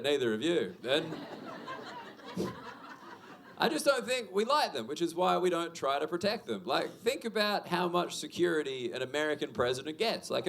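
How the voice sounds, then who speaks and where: A man's voice: fairly high pitch, fairly bright tone. A young Australian man with an Australian accent doing a stand-up comedy set, conversational and sweary, working the crowd with lots of tag questions. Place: comedy venue with audience. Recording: live venue with audience noise.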